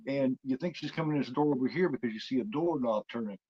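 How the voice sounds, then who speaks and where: A man's voice: mid-range voice, fast, slightly rough, dry recording. Rambling man retelling a film, lo-fi. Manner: rambling, full of fillers and restarts. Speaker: podcast co-host. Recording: dull dry lo-fi recording.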